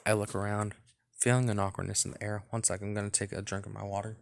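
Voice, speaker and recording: Low-voiced man reading a game aloud. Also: level tone, quick pace, creaky, slight background noise. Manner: rambling casual asides. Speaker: let's play host. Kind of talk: reading a visual novel aloud with commentary.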